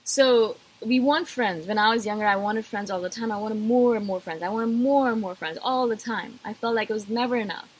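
A woman's voice: fairly high pitch, a little fast, few pauses, slightly rough, poor audio. A woman vlogger talking casually to camera, emphatic and repetitive, addressing her viewers directly.

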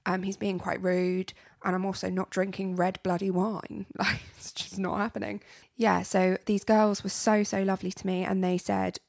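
A young woman tells a personal story on a podcast, rambling and repeating herself as she goes. Her voice has a gravelly fry running through it, and the sound is dry and close with no room around it. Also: medium pitch, level tone, moderate pace, darkish tone, no echo. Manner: chatty storytelling with many fillers and repeats. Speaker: podcast co-host. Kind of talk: casual chat.

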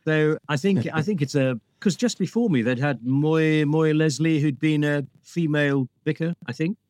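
A middle-aged man from northeast England with a light northern English accent, telling stories as an actor guest in a lively, self-deprecating way with many restarts. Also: a little high, normal speed, no echo. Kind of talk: casual anecdotal chat.

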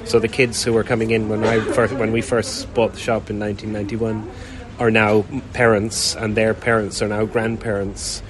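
Flat-voiced toy shop owner. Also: male voice, on the low side, normal speed, rough recording. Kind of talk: news interview soundbite.

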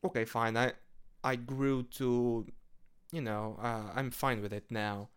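Male podcast host, smooth clear voice, unhurried and rambling. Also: medium pitch, fairly even intonation, a bit bright. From Portugal. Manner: rambling, hesitant, lots of fillers and swearing. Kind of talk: casual monologue.

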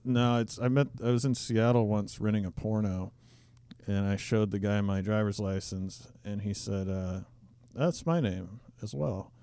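A man co-hosts a podcast in easygoing banter, telling understated anecdotes. His voice is low and mellow. The sound is dry and close. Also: unhurried, clear, resonant tone, no echo. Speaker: podcast co-host.

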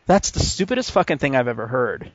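Male podcast host, casual storyteller, profane and animated; dry, slightly dull home mic. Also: mid-range voice, fast, no echo. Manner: animated anecdote with acted-out quotes and profanity.

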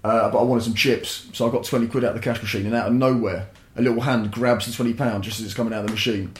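A man's voice: medium pitch, fast talker, a little hiss or hum. Young man, casual swearing storyteller, roomy echo on the recording. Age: young adult. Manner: sweary, rambling, animated. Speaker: podcast guest.

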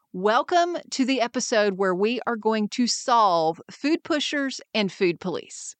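A woman hosting a wellness podcast, talking in a lively way and acting out quoted friends in raised voices. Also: fairly high pitch, unhurried, dry recording. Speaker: podcast host and wellness mentor. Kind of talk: scripted podcast monologue.

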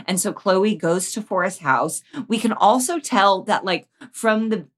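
A woman co-hosting a casual podcast, talking through a TV episode. She is chatty and animated and often calls out to the characters on screen. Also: medium pitch, measured pace. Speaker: podcast co-host. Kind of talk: casual chat recapping a TV show.

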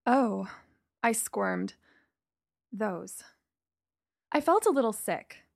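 A woman's voice: a little high, takes it slowly, creaky, pauses often, no echo, clean studio sound. A woman reading a first-person story aloud, acting out the dialogue. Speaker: narrator.

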